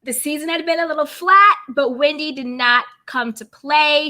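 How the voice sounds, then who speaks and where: A young adult woman hosting a live stream recap, greeting viewers one by one with bubbly, drawn-out hellos and pop-culture slang. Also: sits high, bright, forceful tone. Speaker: YouTube recap host.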